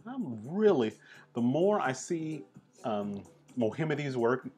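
A man hosting a casual art appreciation vlog, talking in a relaxed, chatty, enthusiastic way. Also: medium pitch, slow pace, husky, faint music behind. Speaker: host.

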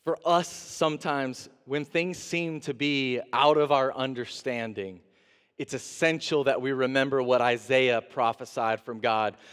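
A man, an interim pastor, preaching a sermon with animated delivery, acting out the prophet's pleas and God's replies. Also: mid-range voice, measured pace, clean tone. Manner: animated preaching, acts out voices of God and the prophet. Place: church sanctuary. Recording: long reverb of a church sanctuary.

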